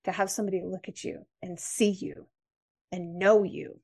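A woman with an American accent, a podcast guest, telling a personal story in an interview in an earnest, measured way. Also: medium pitch, flat delivery, a little mellow.

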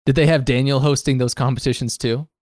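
A man's voice: medium pitch, steady tone, fast talker, darkish tone, no room sound. Man, podcast host, casual rambling chat, laughs often, dry close mic.

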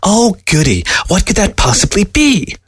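A man's voice: mid-range voice, slightly rough, dry recording. A man voicing a sardonic, mocking dead male fox in a storybook reading. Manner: snide, mocking, drawn-out taunts.

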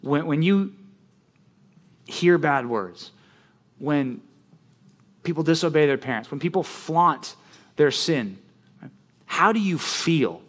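A man preaching a sermon as pastor, animated and conversational, often checking in with "right?". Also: fairly high pitch, slow, pauses often.

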